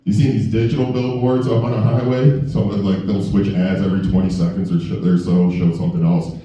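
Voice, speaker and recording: A man's voice: low-pitched, little pitch movement, quick pace, dark tone, heavy reverb, far from the mic, muffled recording. A man performing a stand-up comedy set at a comedy club, chatting and asking the crowd questions. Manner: conversational, asks the crowd questions.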